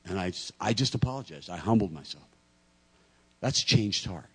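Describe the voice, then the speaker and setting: A middle-aged pastor preaching a sermon, acting out lively stories with self-deprecating humor and stammers. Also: male voice, low voice, normal speed, breathy edge. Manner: animated storytelling, acting out dialogue.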